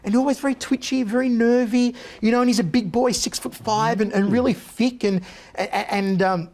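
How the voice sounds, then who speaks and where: A man, a guest on an interview show, telling animated anecdotes in a punchy, casual way. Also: extremely high pitch, a little fast.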